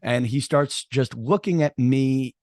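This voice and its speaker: A man's voice: mid-range voice, slow pace, a little mellow, no room sound, clean studio sound. A middle-aged man hosting a casual podcast interview, telling a story in a rambling way with many restarts and fillers. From Irish heritage, New York area. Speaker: podcast host.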